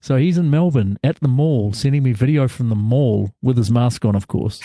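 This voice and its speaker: A man's voice: mid-range voice, moderate pace, no room sound. A man telling stories in a loose, rambling chat over a video call from a hotel room, laughing and restarting often. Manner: rambling, animated, lots of filler and laughs. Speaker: actor interviewed from hotel quarantine. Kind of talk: casual chat, storytelling.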